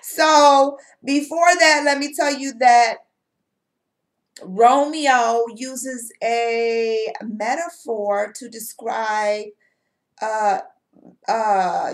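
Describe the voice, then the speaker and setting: Woman teacher, casual video lesson, playful, slangy asides, highish voice. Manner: playful, chatty, laughs often, slangy asides.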